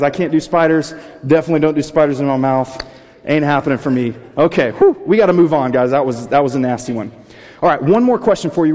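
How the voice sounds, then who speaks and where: A man's voice: on the high side, a little mellow. Upbeat male pastor in a reverberant hall. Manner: jokey, upbeat, addressing a crowd. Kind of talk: playful sermon opener with audience game. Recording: long reverb of a large hall.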